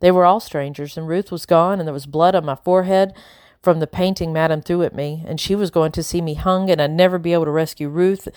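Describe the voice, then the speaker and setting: A woman narrating a novel in the first person, measured and unhurried. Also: deep voice, fairly even intonation, darkish tone, clean tone, dry recording, clean studio sound. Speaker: audiobook narrator.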